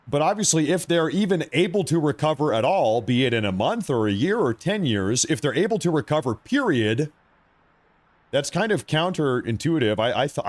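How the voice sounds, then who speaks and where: A man hosting a live news commentary stream, talking in a conversational and emphatic way that repeats points for effect. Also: mid-range voice.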